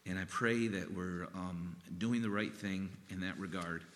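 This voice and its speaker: A man preaching a sermon in an earnest, halting way, with pauses and restarts. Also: low-pitched, fairly even intonation, long reverb tail, a little hiss or hum. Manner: earnest, halting, gets emotional and softens. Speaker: pastor.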